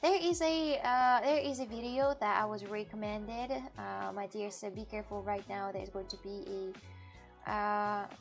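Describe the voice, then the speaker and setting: A woman's voice: medium pitch, level tone, moderate pace, vocal fry, soft background music. A woman streamer chatting casually with her live chat, laughing often and restarting her sentences. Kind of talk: casual IRL livestream chat.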